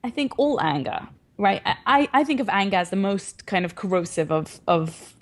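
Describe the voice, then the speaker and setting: A woman's voice: mid-range voice, lively intonation, moderate pace. A woman in her thirties, a parenting advocate, talking earnestly and reflectively in a casual interview. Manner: earnest, reflective, laughs often.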